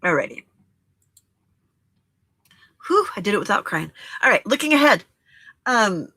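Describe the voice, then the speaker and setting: A woman with a bright, clear voice talks through a monthly reflection for a crafting challenge. She speaks gently and encouragingly and keeps checking in with her viewers. The sound is close and dry, with no room echo. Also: lowish voice. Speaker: host of a journaling and crafting challenge. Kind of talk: reflective casual talk to viewers.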